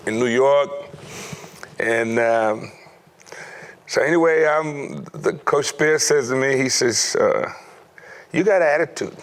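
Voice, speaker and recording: Middle-aged ex football guy, telling old stories, gets animated and laughs a lot. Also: medium pitch. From United States. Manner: animated storyteller, acts out quoted voices, laughs often. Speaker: former NFL player, guest. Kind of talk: storytelling interview.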